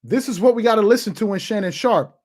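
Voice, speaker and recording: Thirty-something sports host, forceful and repetitive, ranting opinion piece to camera. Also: medium pitch, lively intonation, quick pace. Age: 30s. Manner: emphatic and repetitive, hammering points home.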